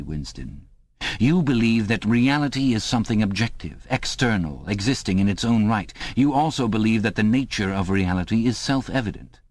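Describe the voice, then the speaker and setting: A man doing a cold, slow-speaking interrogator. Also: lowish voice, darkish tone, no room sound, close to an everyday voice. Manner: slow, measured, lecturing. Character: cold, patient male interrogator, middle-aged. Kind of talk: audiobook reading.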